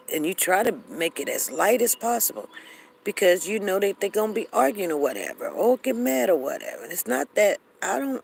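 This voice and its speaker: Gravelly-voiced woman venting in a chat room. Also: on the low side, a little hiss or hum. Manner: animated, acts out both sides of arguments, repeats phrases. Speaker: host of a live audio chat room. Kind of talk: casual live-room monologue.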